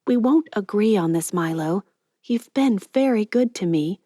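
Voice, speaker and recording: A woman reading an audiobook, voicing an earnest, idealistic young woman who speaks softly and sincerely. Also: medium pitch, lively intonation, measured pace, dry recording, clean studio sound, pitched above the performer's own voice. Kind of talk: audiobook character voice.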